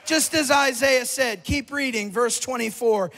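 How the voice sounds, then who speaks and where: High, gravelly male revival preacher in a reverberant church, fervent sing-song delivery rising to shouts. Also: unhurried, hardly any pauses. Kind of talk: revival sermon. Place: large church hall.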